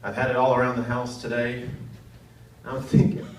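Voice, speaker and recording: A man's voice: mid-range voice, completely flat delivery, brisk, a crowd in the background. A man in his thirties doing a self-deprecating stand-up comedy set on stage, jumping into quoted voices. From North Carolina, United States. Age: 30s. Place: arts center stage before a laughing audience. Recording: echoey room from far off, loud hiss.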